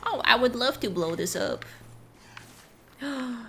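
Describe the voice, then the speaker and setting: A woman's voice: on the high side, expressive, moderate pace, a bit bright. A woman streaming a game, chatting casually and joking with her co-host. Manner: jokey, swears, riffs on her co-host's bits. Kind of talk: casual co-streaming chat over gameplay. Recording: stream mic with clear background noise.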